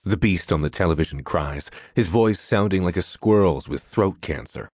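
A man narrating an audiobook in a measured, descriptive way. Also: deep voice, animated, darkish tone.

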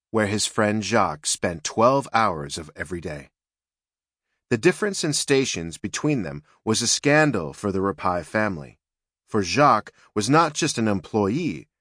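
Man, audiobook narrator, measured storytelling, lowish voice, dry studio sound. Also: a bit bright, no echo.

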